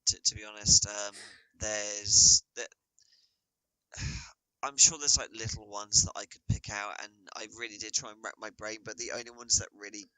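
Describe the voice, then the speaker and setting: A young man co-hosting a podcast in casual chat, animated and halting, with frequent swearing and restarts. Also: fairly low pitch, smooth, no room sound, rough recording. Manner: animated, ranting, swears freely. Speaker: podcast co-host.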